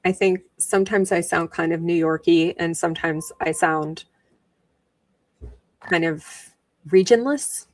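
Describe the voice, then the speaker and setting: A woman's voice: on the low side, measured pace, long pauses, no echo, recorded from a distance. A woman from New York hosting a livestream, chatting sarcastically and laughing often as she comments on a trial. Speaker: livestream host. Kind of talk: casual commentary while rewatching a trial. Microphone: wearing headphones.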